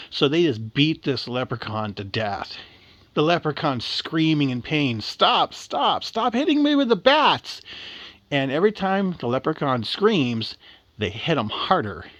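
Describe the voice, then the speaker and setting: A man's voice: mid-range voice, no echo, muffled recording. A man telling a story aloud in a casual, rambling, slangy way.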